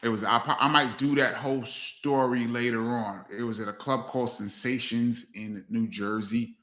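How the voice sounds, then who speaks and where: A DJ hosts a live Q&A stream, casually telling stories and loosely acting out his friends' lines with big pitch jumps. His voice is bright and forceful, steady in tone, at normal speed, with roomy echo.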